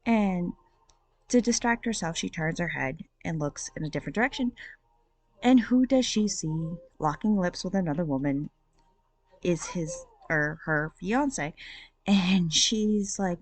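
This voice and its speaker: A woman with a somewhat low voice hosts a casual book review show. She talks in a chatty, rambling way, full of ums and likes. Her voice is close and dry, with no room sound around it. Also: animated, normal speed, no echo. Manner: chatty, rambling, with many fillers.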